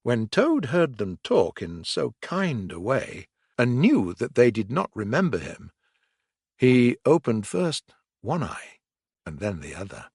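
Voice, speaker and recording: A man reads a children's story aloud at a very slow, careful pace. His pitch rises and falls in a lively way, with a slightly raised voice. The recording is close and dry. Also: vocal fry, slightly rough, no room sound. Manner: slow, deliberate reading for learners. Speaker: audiobook narrator. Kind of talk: scripted storybook narration.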